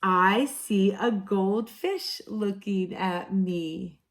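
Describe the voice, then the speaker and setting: A woman kindergarten teacher reading picture books aloud to young children, with a slow, sing-song, exaggerated storybook delivery and playful asides. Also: medium pitch.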